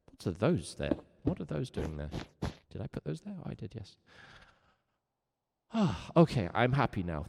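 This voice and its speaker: A man teaching a live-streamed music lesson, playful and chatty, jumping up into high meows and moos. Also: creaky, in a large hall. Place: home room with a cello on the wall.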